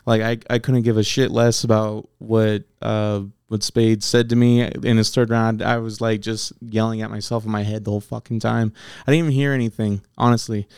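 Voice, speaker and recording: Guy swearing a lot while telling battle stories, smooth clear voice, dry close sound. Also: on the low side, normal speed, no echo. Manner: profane, animated storytelling. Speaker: battle rapper guest. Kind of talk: casual podcast interview.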